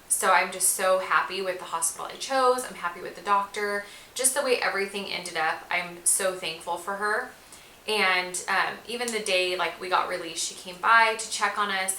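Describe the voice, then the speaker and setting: A young woman talks casually to her viewers as a vlogger, gushing and leaning on fillers. Her voice is bright and forward. The room is echoey, with a faint hiss under it. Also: medium pitch. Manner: chatty, gushing, many fillers like "like". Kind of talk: casual chat to camera.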